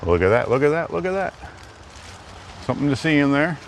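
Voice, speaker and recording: A man's voice: on the high side, big pitch swings, a little fast, noisy background. A man live-streaming as he walks through the woods, chatting loosely to his viewers while on the move. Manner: rambling, chatty, talks to chat. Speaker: livestreamer. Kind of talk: live-stream walking vlog. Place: outdoors in woods.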